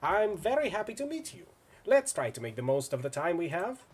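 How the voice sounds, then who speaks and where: A man voicing an excitable, overly polite male mad-scientist villain in a video game, chirpy and courteous with excited outbursts. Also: high voice, brisk, husky, pitched above the performer's own voice, exaggerated voice. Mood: cheery.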